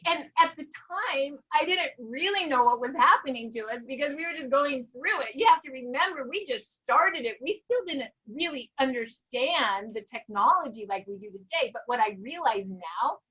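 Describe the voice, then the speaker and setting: A woman speaks in a high, bright voice, animated and lively as she tells her story. The recording sounds a little dull and muffled. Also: moderate pace. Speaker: co-host promoting a product. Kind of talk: casual conversation.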